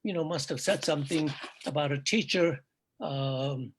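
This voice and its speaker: An older man, a native Urdu speaker, telling stories from his past in a reflective, halting way during casual chat. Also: a little high, slight background noise. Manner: reflective storytelling, halting restarts. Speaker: guest, father of the hosts.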